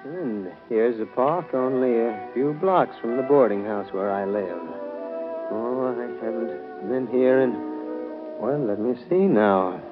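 An actor playing a fussy, stammering schoolteacher. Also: male voice, medium pitch, slow, phone-quality sound, over music, lightly acted. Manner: prim and hesitant, stammers. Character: fussy, timid middle-aged male schoolteacher. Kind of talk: 1940s radio acting.

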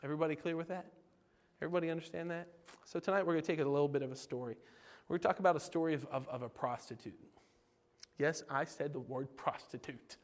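A man delivers a casual, joking sermon, throwing questions at his listeners. His voice sits a little high for a man. A long reverb trails his words around the hall. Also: quick pace. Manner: animated, jokey, asks the audience questions. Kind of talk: informal sermon.

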